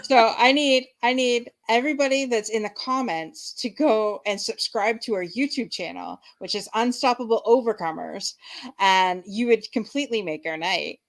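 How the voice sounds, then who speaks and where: A woman's voice: a little high, normal speed. A woman hosting a live-streamed chat show, bubbly and giggly, rambling with fillers as she talks to guests and viewers. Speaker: host.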